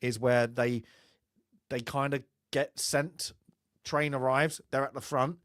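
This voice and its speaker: A man's voice: medium pitch, fairly even intonation, takes it slowly, a bit bright, dry recording, studio quality. A man co-hosting a casual film chat, rambling and laughing often. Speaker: podcast co-host.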